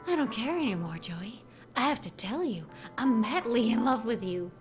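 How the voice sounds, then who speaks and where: A woman voicing an obsessive, lovesick young woman, reading game dialogue in a soft, hushed, intense way. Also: fairly high pitch, animated, moderate pace, music in the background, natural voice. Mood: intense devotion.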